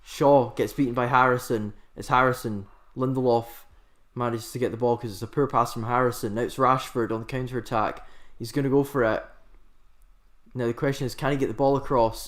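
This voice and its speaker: A man commentating a football match live for his own channel. He is excitable and rambling and keeps correcting himself mid-sentence. His voice sits at an everyday middle pitch. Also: a little fast. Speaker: host of a live football watchalong.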